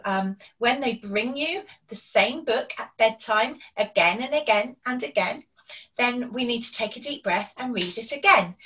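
A woman's voice: mid-range voice, fairly bright tone. A woman presenting a parenting webinar online, explaining strategies and acting out examples. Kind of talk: online training talk. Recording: distant from the microphone.

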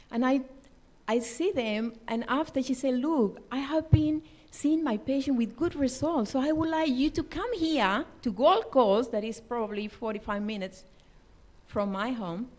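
Speaking in church, this woman shares her own testimony as a lay preacher. Her high voice carries an earnest, emphatic tone, and her phrasing shows English isn't her first language.

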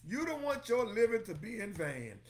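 A male pastor leads a lively, sermon-style Bible study in a high, swooping voice that rises and falls dramatically, sing-song and a little mellow at a moderate pace. He exclaims constantly, calls on congregants by name, and repeats key phrases for emphasis. Now and then he slips into a line of song.

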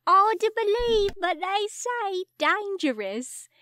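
A woman voicing a scornful male police sergeant in a put-on Cockney accent that she calls high-pitched and weird. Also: sing-song, slow, pushed and bright, heavily acted.

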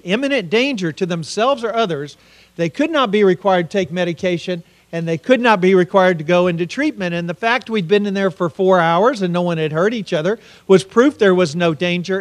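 A middle-aged man giving a conference keynote, telling a personal family story in an earnest way and acting out the quoted dialogue. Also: high voice. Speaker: keynote speaker. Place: conference hall.

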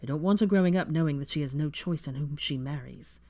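A fan fiction reader voicing an apologetic young father who speaks softly and pleads. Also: mid-range voice, fast talker, lightly acted. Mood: pleading. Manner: pleading, soft.

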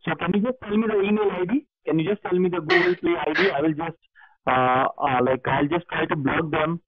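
A man's voice: a little high, steady tone, a little fast. A man, a phone scammer posing as tech support, who insists and repeats his questions over and over. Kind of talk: pushy scam phone call. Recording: tinny phone line with faint music.

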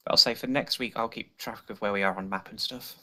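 A lowish man who talks fast with a bright, forceful voice. He is blunt and teasing, and swears freely with his fellow players. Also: fairly even intonation. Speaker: game player. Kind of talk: casual chat.

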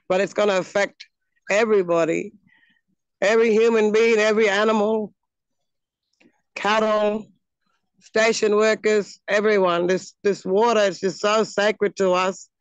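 A woman from the Northern Territory of Australia with an Australian accent, speaking in an earnest, halting way with frequent pauses, giving a heartfelt personal address outdoors. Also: medium pitch, steady tone, smooth, no room sound, dull audio. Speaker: speaker at a launch event. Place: outdoors on her home land.

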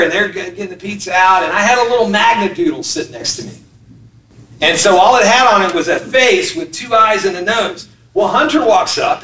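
A man's voice: high-pitched, pushed and bright, a little hiss or hum. A man in his fifties preaching a sermon as pastor, telling stories, acting out voices and laughing along. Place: church sanctuary. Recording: echoey hall, mic from a distance.

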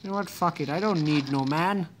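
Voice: medium pitch, brisk, slight background noise. A gamer giving casual gameplay commentary, muttering to themselves and swearing at the game.

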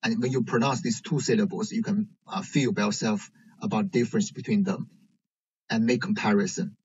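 A man teaching a language lesson in English, pausing often with fillers. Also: on the low side, steady tone, darkish tone, breathy edge. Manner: hesitant, many pauses and fillers. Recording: dull lo-fi recording.

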